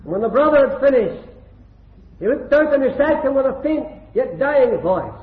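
A man's voice: extremely high pitch, expressive, moderate pace. An older man from Scotland preaching a gospel hall sermon, fervent and rhythmic, with repeated phrases. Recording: echoey hall over a tinny lo-fi line.

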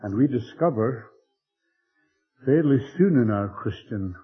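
A man preaching a Bible-teaching sermon in a measured, emphatic way, often clearing his throat. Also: mid-range voice, animated. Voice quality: husky. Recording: old tinny phone-like tape with faint music.

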